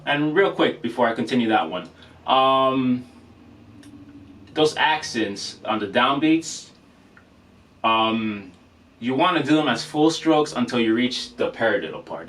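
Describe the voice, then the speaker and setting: A man's voice: mid-range voice, moderate pace, fairly bright tone, faint music behind. A man teaching drum rudiments in a casual, loose way, stopping to correct himself and apologize. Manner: casual, with many fillers and self-corrections, apologetic. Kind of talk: casual instructional demonstration. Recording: voice from a distance with faint noise.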